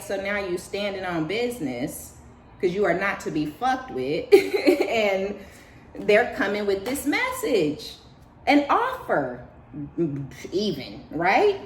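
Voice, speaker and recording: A woman's voice: mid-range voice, big pitch swings, unhurried, slight background noise. A woman giving a casual tarot reading, blunt and profane, acting out the voices of the people she describes. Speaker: tarot reader. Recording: echoey room with faint ambience.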